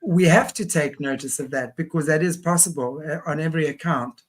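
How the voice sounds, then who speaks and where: A woman hosting an interview, talking through her thoughts in a reflective, measured way. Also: low-pitched, slight background noise. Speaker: host. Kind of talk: conversational interview.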